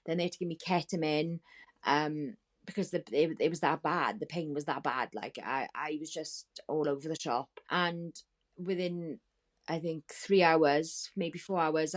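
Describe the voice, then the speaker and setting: A woman with a low voice tells her story as a podcast guest. She rambles and gets emotional, and she swears freely along the way. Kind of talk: candid storytelling.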